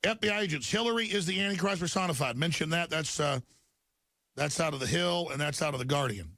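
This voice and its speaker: A man's voice: on the high side, expressive, fast talker, pushed and bright, no echo. A man hosting a talk show, ranting emphatically through news headlines and stumbling over repeated words. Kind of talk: talk radio monologue reading headlines.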